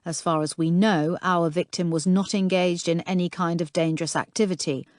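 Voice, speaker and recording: A woman voicing a brisk, commanding female detective inspector giving orders to her team. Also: fairly low pitch, steady tone, no room sound, clean studio sound, close to an everyday voice.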